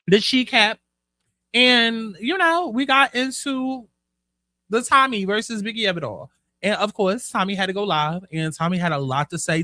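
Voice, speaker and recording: A man running his own commentary show, sassy and profane. His voice sits high and bright. It is recorded close and dry, with no room around it. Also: dry recording. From United States. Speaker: host. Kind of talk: casual commentary.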